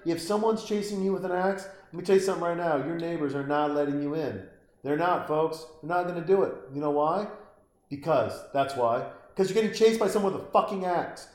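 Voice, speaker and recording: A man's voice: fairly high pitch, echoey room. A man giving a comedic, profane commentary while watching a movie, ranting, mocking the characters and acting out little voices. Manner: swearing, animated, mocking, acts out voices.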